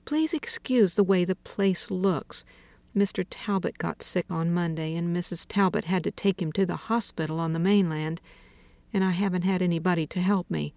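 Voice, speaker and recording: A woman's voice: on the low side, normal speed, a little mellow, no echo, close to an everyday voice. A woman reading a timid, fretful young woman. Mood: hesitant.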